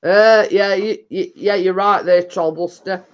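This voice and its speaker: A woman's voice: medium pitch, steady tone, a little slow, dull audio. A woman with a northern English accent chatting casually on a live stream, rambling and laughing often.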